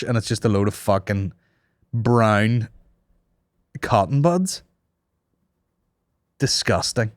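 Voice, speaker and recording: A man's voice: mid-range voice, expressive, a little fast, long pauses, dry recording. A man hosting a comedy podcast, swearing a lot and laughing at his own crude jokes. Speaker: podcast host.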